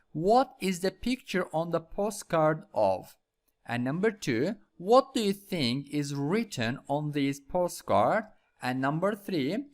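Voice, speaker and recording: A man teaching English with a Vietnamese accent, going over vocabulary and repeating each word several times. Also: a little high. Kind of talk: slow classroom lesson with repetition.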